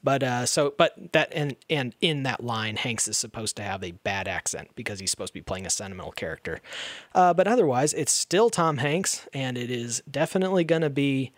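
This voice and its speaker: Animated man talking films, dry sound. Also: medium pitch, a little fast, no echo. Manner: animated, mocking asides in put-on voices, hesitant fillers. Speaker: podcast co-host. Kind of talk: casual film discussion.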